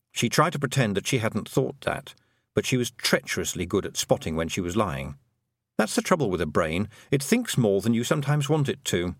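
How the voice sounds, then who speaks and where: Expressive male storybook narrator. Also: fairly low pitch, no echo, clean studio sound. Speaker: audiobook narrator. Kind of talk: scripted narration.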